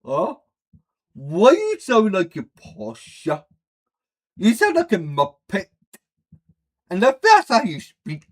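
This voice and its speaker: A man's voice: high voice, wildly swooping pitch, takes it slowly, long pauses. Rambling, crude man. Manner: crude, rambling and laughing at his own slips. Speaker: streamer reacting to a video. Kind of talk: casual reaction commentary.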